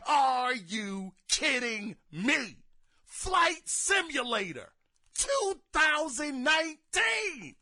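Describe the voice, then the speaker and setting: High, bright-voiced man ranting slowly. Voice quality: exasperated, theatrical rants with shouted outbursts. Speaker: podcast host. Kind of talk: casual gaming commentary.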